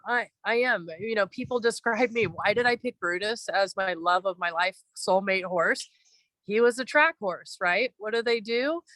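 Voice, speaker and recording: A woman's voice: fairly high pitch, no echo, low-quality recording. A woman equine-assisted coach, telling stories in a heartfelt, emotional way during a live online talk. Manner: emotional, storytelling, animated.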